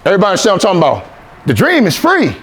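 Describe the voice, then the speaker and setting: Fast, high-voiced motivational speaker man. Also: huge pitch swings, a bit bright. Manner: preachy call-and-response, repeats phrases. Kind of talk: motivational speech to a youth team.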